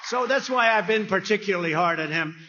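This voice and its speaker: A man's voice: high voice, lively intonation, brisk, highs cut off, crowd noise, background noise. A man giving a rambling, conversational campaign rally speech at a podium microphone, acting out quoted dialogue. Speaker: political speaker at a rally. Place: rally venue.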